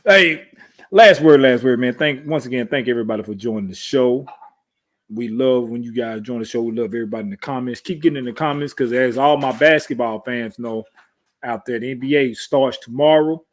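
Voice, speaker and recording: Chill guy co-hosting a podcast, loose and joking, average pitch. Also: fairly even intonation, brisk. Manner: laid-back, loose, playful trash talk. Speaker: podcast co-host. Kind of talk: casual chat.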